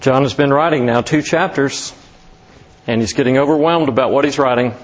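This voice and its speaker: A man preaching a sermon as pastor, slow and emphatic, lifting his voice on key words. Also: mid-range voice, lo-fi sound.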